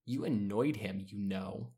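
A man's voice: on the low side, unhurried, mellow. A man voicing a condescending older teenage girl who sounds casually cruel, with a mocking, drawling delivery.

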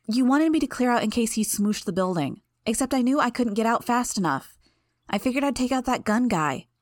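A woman's voice: expressive, a little fast, dry recording, clean studio sound, natural voice. A woman voicing a cocky, bratty teenage girl in a pert, raised voice for an audiobook. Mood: cheeky. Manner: pert, higher voice.

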